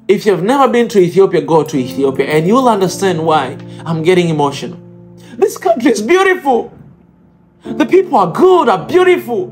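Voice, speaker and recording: A man with an East African accent and a very high voice speaks straight to his audience. He pleads and preaches, hammering phrases again and again. Faint music plays under him. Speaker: video blogger addressing viewers. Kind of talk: impassioned direct-to-camera appeal.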